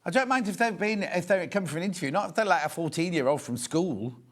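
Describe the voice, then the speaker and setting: A man's voice: sits high, animated, quick pace. A man in his sixties presenting a live shopping show, chatting and bantering with viewers while he shows products. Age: 60s.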